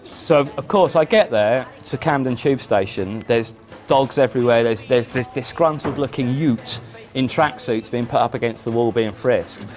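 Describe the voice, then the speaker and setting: A man, a musician guest in a casual chat, telling animated stories with frequent restarts. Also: mid-range voice, normal speed, few pauses, faint music behind. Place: indoor chat.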